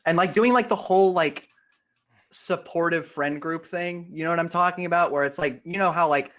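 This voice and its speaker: A man's voice: on the high side, normal speed. A young man chatting casually as a podcast co-host, swearing a lot, getting worked up and laughing often. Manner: profane, excitable, laughs a lot. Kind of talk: casual chat, reading comments.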